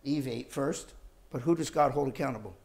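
A man preaching a sermon, emphatic and full of rhetorical questions, moving between loud stresses and quiet asides. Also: mid-range voice, fairly even intonation, normal speed.

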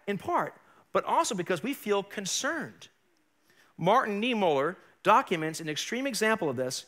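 A male pastor preaching a sermon in a church, emphatic and building to forceful peaks. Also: high-pitched. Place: church sanctuary.

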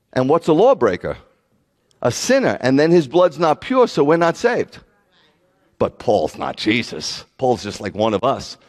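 A man preaching a sermon as a rabbi, animated and mocking the voices of his critics. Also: medium pitch, big-room sound.

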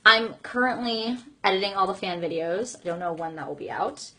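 A woman's voice: mid-range voice, brisk, sharp tone. A young woman in her twenties chatting casually with fans on a livestream, bubbly and gushing. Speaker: singer on a fan livestream.

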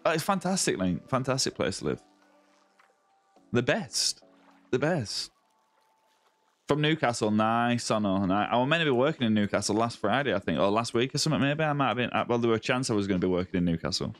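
Fast and expressive with hardly any pauses, a mid-range male voice carries a Lancashire accent from northwest England by Yorkshire. He's live-streaming a game, trading banter and greeting viewers by name while faint music plays.

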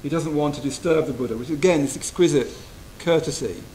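A man giving a gentle, reflective Buddhist retreat talk, often checking in with his listeners. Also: a little high, a little fast, slight background noise, low-quality recording. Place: retreat hall.

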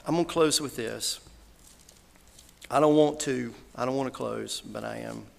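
A man's voice: medium pitch, moderate pace, gravelly, a little mellow. A man giving a funeral sermon, earnest and folksy, quoting scripture. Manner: earnest, folksy, quotes scripture and others with rising emotion. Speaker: minister giving a funeral eulogy. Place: church hall. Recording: hall reverb, faint background noise.

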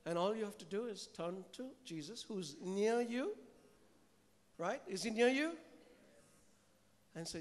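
A high-pitched man preaching to a congregation in a church hall, his voice trailing off into a long echo. He keeps the sermon lively, joking and tossing questions at the room between passages of scripture. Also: measured pace, pauses often. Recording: long reverb of a large hall.

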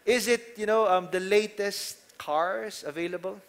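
A man's voice: high voice, measured pace. A man with a Filipino accent preaching a sermon, telling stories casually and asking the congregation rhetorical questions. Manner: conversational storytelling, mixing in Tagalog phrases. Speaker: pastor.

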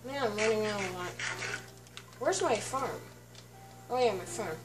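A woman giving casual, chatty commentary while touring her game world, often stopping to clear her throat. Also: medium pitch, measured pace. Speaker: let's play host. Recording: distant mic with faint background music.

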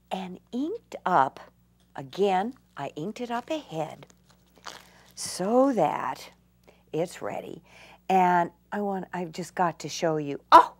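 A woman's voice: on the low side, a bit bright. An older woman demonstrating a craft technique, gushing with enthusiasm and dropping to delighted whispers. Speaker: craft instructor.

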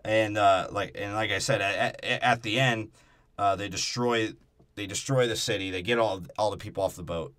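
A man with a fairly low voice talks through a movie in a loose, foul-mouthed way. He keeps joking and slips into quick mocking impressions of the characters. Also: steady tone, fairly bright tone. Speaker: podcast co-host. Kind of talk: casual movie review chat.

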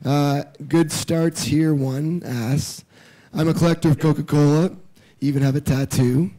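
A man's voice: on the high side, fairly even intonation, a little slow, mellow. A man moderating an onstage interview, talking casually, swearing freely and friendly.

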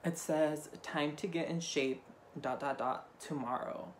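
Speaking at an unhurried pace with fairly even intonation, a young man with a fairly high voice rambles offhandedly through a shopping haul video. He's tipsy, campy, and profane throughout. A slight hiss or hum can be heard.

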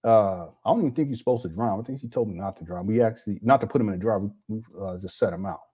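A man's voice: on the low side, racing, husky, highs cut off. A man hosting a casual reaction commentary, rambling with many restarts and scornful asides. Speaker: commentary host.

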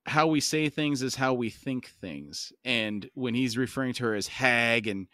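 A man's voice: medium pitch, lively intonation, measured pace, bright, forceful tone, no room sound, clean studio sound. A man co-hosting a book podcast, talking in a thoughtful, earnest way. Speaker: podcast co-host. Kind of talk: casual book discussion.

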